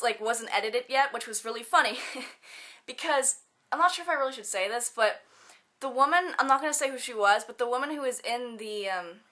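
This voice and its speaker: Teen girl vlogger, bright and forceful tone, a touch high, giggly chatter. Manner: bubbly, giggly, lots of fillers and quoted asides. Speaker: student vlogger. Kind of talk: casual chatty vlog.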